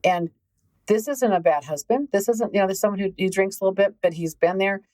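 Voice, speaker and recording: A woman's voice: mid-range voice, a little fast, dark tone, poor audio. A middle-aged woman hosting a relationship podcast, talking casually and emphatically, repeating words for stress. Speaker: host, relationship healing coach.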